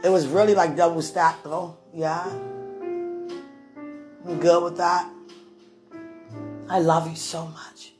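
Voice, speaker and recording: A woman's voice: fairly low pitch, flat delivery, slow pace, pauses often, music in the background. A woman talking to the camera in a casual devotional vlog, rambling and affectionate, often breaking into laughter. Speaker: vlogger.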